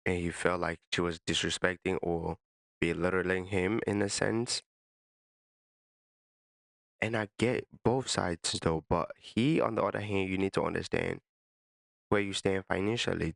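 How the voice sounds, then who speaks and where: A man's voice: low-pitched, gravelly, a bit bright, dry recording, clean studio sound. A man reacting casually to a story and calling the listener "bro". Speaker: reaction commentator. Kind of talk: reaction commentary.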